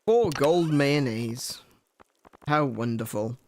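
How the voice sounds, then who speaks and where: Over a noisy background, a young man with a medium-pitched voice speaks slowly. He chats and jokes with a guest while they play a farming game, laughing often and thinking aloud as he plays.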